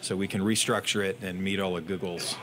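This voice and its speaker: A man's voice: sits low, steady tone, brisk, fairly bright tone. A man appearing as a guest on a talk show to discuss his web design business, affable and laughing easily, often restarting his sentences. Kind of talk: casual interview chat.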